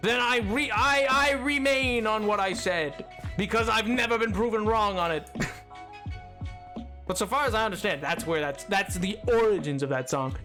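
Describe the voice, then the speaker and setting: A man's voice: high voice, normal speed, sharp tone, faint music behind. A man streaming a game, chatting casually and playfully with his viewers in a rambling way. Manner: rambling, playful, bantering with chat. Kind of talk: casual livestream chat.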